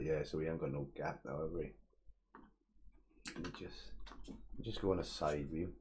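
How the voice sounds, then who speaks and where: A young man talks in a deep, low register as he works through a live modelling session. He mutters each step half to himself, drifts into slangy chat with his viewers and swears casually. Faint noise and soft mouse clicks sit underneath. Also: fairly even intonation, moderate pace, pauses often. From England. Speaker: 3D modelling streamer. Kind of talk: casual live-stream tutorial, chatting with viewers.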